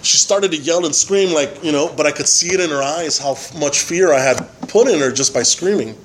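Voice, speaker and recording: A man giving a personal testimony at a recovery meeting, halting and full of fillers and tag questions. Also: a little high, a little hiss or hum, low-quality recording. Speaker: member sharing at a recovery meeting.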